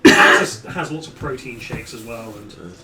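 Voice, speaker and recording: A man's voice: medium pitch, crowd noise. Wry man, distant and roomy. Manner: wry, quick quips. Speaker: tabletop game player. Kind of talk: tabletop game banter.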